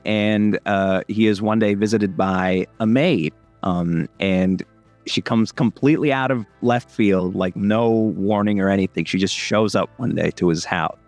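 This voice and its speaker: A man's voice: lowish voice, measured pace, darkish tone, no room sound, faint music behind. A young man from India with an American accent, a voice actor rambling casually with many fillers in an interview. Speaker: voice actor guest.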